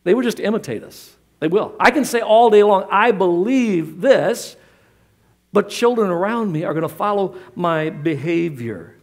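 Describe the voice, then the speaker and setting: A man's voice: high voice, animated, moderate pace, hardly any pauses, darkish tone. A middle-aged pastor preaching a sermon in church, emphatic and repeating his key lines.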